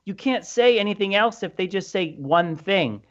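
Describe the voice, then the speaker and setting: Relaxed man telling a story, slightly dull audio. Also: sits high, normal speed. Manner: relaxed storyteller, acts out quotes. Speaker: podcast co-host. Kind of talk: casual movie chat.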